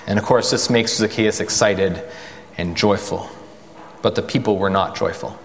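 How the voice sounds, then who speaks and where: A man preaching a sermon in a conversational way, asking the listeners questions and slowing down for emphasis. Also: lowish voice, animated, big-room sound. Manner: conversational, rhetorical questions, dramatic slow emphasis.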